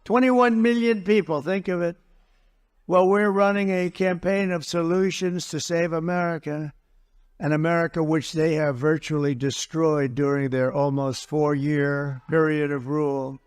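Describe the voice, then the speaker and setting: Guy at a campaign rally, blunt n mocking, says stuff over and over, kinda high voice. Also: steady tone, unhurried, clear, resonant tone. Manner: blunt, mocking, repetitive, boastful asides to the crowd. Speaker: political candidate at a rally.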